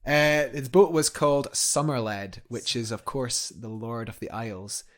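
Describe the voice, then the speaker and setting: A man's voice: mid-range voice, fairly even intonation, measured pace. A young man, a guest climber, telling a story eagerly in a casual interview, rambling with fillers and restarts.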